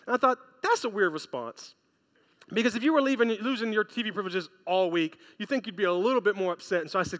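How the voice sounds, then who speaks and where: A high, bright male voice delivers a lively sermon full of acted-out anecdotes. It rings through a big hall with a long reverb trail. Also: fast. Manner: storytelling, animated, acts out quotes. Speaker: pastor.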